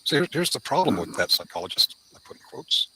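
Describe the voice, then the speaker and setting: A man co-hosting a casual livestream, reading comments aloud in a brisk, dismissive way. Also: mid-range voice, sing-song, sharp tone, breathy edge, poor audio. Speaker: livestream co-host.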